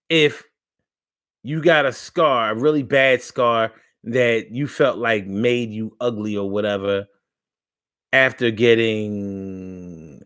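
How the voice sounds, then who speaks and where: A man's voice: fairly low pitch, fairly bright tone, clear, resonant tone. A man hosting a live online talk show in a casual, playful way, repeating phrases and reading viewer comments aloud.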